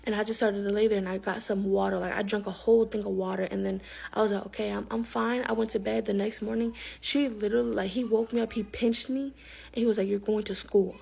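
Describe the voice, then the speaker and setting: A young woman telling a personal story in a rapid, emphatic way, acting out the people she quotes. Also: medium pitch, steady tone, creaky, dark tone, husky. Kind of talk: storytime narration.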